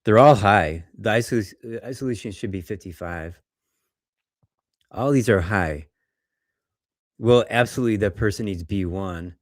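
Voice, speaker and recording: Guy doctor going over lab results, low voice, chatty and lively, dry sound. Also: moderate pace, long pauses, no echo. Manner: conversational, animated storytelling, acts out patients' words. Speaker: doctor presenting lab cases. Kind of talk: lecture with case stories.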